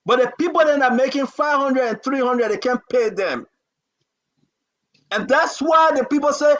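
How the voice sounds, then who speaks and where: A man hosts a political talk show with a very high, sharp, forceful voice. He pleads and scolds in fervent, rapid repetitions. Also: dull audio. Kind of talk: impassioned political commentary.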